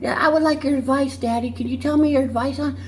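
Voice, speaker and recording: A petulant, childish young woman played by a man speaks in a thin, high falsetto with a pouty whine. She talks in a casual vlog-style aside, sulky and needy. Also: steady tone, quick pace, slight background noise. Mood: whiny. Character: whiny, childish young woman asking for help.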